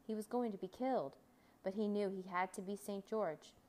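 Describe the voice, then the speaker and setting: A woman narrating a children's storybook, lively and expressive. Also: moderate pace, poor audio. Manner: lively, voicing characters with raised pitch for shouts. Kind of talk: storybook reading aloud.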